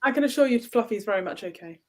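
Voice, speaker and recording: A woman co-hosting a casual reading call, calm and dry, keeping the group on track. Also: mid-range voice, quick pace. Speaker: co-host. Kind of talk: casual chat.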